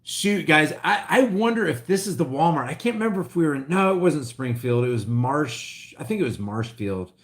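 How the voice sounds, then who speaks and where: A middle-aged man from Oklahoma, rambling and restarting as he reads live chat on his livestream, his voice swinging between loud and quiet. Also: on the high side, animated, normal speed, hardly any pauses. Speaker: vlogger reading live chat.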